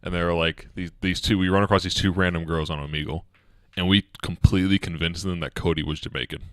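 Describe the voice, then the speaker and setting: A man co-hosting a casual podcast, telling an old story with animated energy and laughter. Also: low-pitched, fast talker, dry recording, studio quality. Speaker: podcast co-host.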